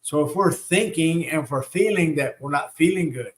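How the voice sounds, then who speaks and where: A man with a slightly raised pitch gives a live spiritual teaching in an encouraging, coaxing way. He keeps checking in with his listeners, adding "right?" and "okay?" after each point. He leads them through chanted affirmations. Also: normal speed. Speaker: spiritual teacher and show host.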